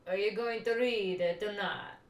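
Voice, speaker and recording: A woman's voice: medium pitch, normal speed, recorded from a distance, slight background noise, low-quality recording. A young woman playing a video game and chatting casually, often reading on-screen text aloud. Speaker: let's-play host. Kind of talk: casual gameplay chat. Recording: game music playing behind.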